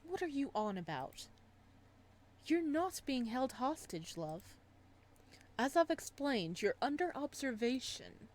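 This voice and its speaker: A woman reading aloud the lines of a soft-spoken, possessive male psychiatrist in a visual novel, in a calm, quietly unsettling tone. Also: high-pitched, takes it slowly, heavily acted.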